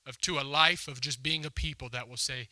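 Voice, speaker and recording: A man preaching to a congregation, retelling a story and voicing its lines with conversational emphasis. His voice is strikingly bright and forceful. The sound is close and dry, with little room echo. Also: medium pitch, fairly even intonation, brisk. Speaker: pastor. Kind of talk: sermon. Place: church hall before a congregation.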